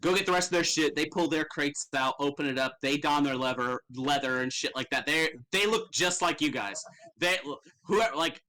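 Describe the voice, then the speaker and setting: A man's voice: a little high, moderate pace, sharp tone, poor audio. A man narrating a tabletop game as game master in a casual, profane way, laughing often.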